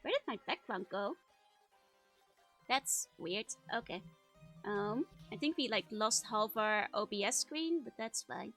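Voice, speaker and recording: A woman's voice: mid-range voice, animated, unhurried, a bit bright, soft background music. A woman streamer chatting casually while she reads an old childhood comic, laughing often between filler words.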